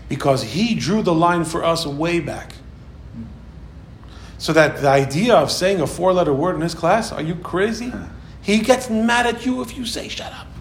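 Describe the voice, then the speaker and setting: Animated man teaching a Torah class. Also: fairly high pitch. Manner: animated storytelling, acts out quoted voices. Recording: echoey room with faint background noise.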